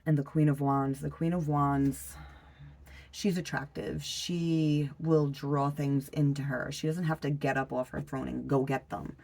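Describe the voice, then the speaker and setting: A tarot reader talks through a spread in a loose, conversational way, with plenty of "um"s and pauses. The voice has a gravelly, creaky texture at a middling pitch. The delivery is blunt and now and then slips in a swear word. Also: level tone, a little mellow. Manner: loose and unhurried, frequent fillers and trailing pauses. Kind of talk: casual tarot reading.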